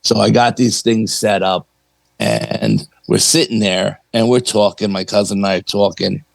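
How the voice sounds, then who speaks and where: A man's voice: lowish voice, lively intonation, normal speed, gravelly, dry recording, low-quality recording. A middle-aged man, a paranormal investigator, telling a story in a chatty, anecdotal way and acting out the dialogue he quotes. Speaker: paranormal investigator, podcast guest. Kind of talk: casual storytelling.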